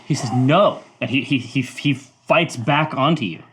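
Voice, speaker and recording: A man narrating as game master of a tabletop game, halting and laughing often. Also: mid-range voice, fairly bright tone, slight background noise.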